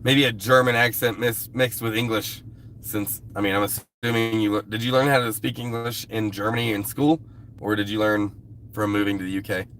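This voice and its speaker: Low-voiced man chatting on a livestream. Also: fairly even intonation, a little fast, a bit bright, a little hiss or hum. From US West Coast. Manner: loose, rambling and profane. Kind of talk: casual live-stream chat with viewers.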